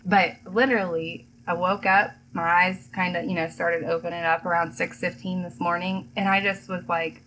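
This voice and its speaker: Brief: young woman, lower-pitched, chatty storyteller, faint room noise behind. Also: steady tone, a little fast, few pauses, a bit bright, low-quality recording. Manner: chatty storyteller, acts out quotes. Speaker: home decor blogger, podcast guest. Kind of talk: casual podcast chat.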